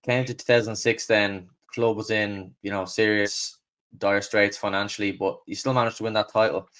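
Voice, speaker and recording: A young man with a fairly low voice hosts a football podcast. He puts his questions in a relaxed, chatty way. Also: moderate pace. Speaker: podcast host. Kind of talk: casual interview questions.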